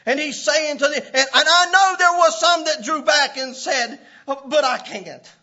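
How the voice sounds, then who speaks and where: High-voiced impassioned male preacher. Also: moderate pace. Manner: impassioned preaching, breaking into shouts and laughs. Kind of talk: sermon. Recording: dull lo-fi recording.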